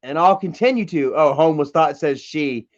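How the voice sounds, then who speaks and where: A man with a voice on the high side talks at normal speed while hosting a livestream. He rants bluntly and profanely, reading chat comments aloud in a candid, casual way, over dull lo-fi stream audio.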